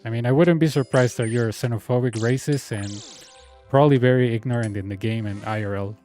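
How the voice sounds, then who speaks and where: A man speaking English with a Latin American Spanish accent, his first language being Spanish. He rants in a casual, sarcastic, exasperated way as a game streamer, at a middle pitch, with soft music faintly behind him. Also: brisk. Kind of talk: casual storytelling rant.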